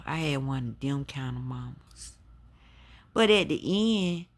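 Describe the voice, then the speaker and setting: Woman host, slow unhurried delivery, emphatic preacher's testimony to her audience. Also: low-pitched, gravelly. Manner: emphatic, addresses listeners as y'all. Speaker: spiritual talk host.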